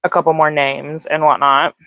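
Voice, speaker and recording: Livestreaming casually from her phone, a woman rambles with plenty of fillers and greets viewers by name. Her deep voice stays level at a moderate pace, and the recording is dry and dull.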